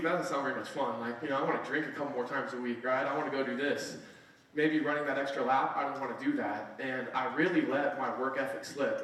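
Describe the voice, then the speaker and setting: Man, 20s, keynote speaker, casual earnest storytelling, mid pitch, far from mic, very echoey hall. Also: fairly bright tone. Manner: casual, earnest, frequent "right?" asides. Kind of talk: storytelling speech to an audience. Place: conference hall.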